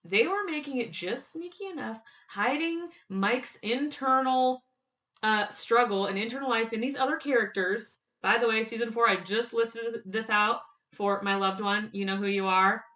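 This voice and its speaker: Bright, excitable young woman. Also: on the high side, normal speed. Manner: excited, laughing often, quotes lines in bursts. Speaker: fan commentator. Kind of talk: casual TV reaction commentary.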